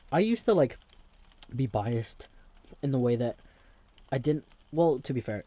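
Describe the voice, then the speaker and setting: A young man hosts a loose comedic monologue and drifts from one topic to the next. His voice is mellow and dark, and it sits in a mid range for a man. The recording is dry and close, with almost no room sound. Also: medium pitch, no room sound. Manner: rambling, self-interrupting, jokey. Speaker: host.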